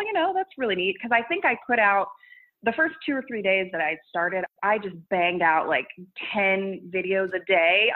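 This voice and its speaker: A woman content creator chatting casually in an interview, rambling with restarts and laughing often. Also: mid-range voice. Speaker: social media creator. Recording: tinny phone-like line.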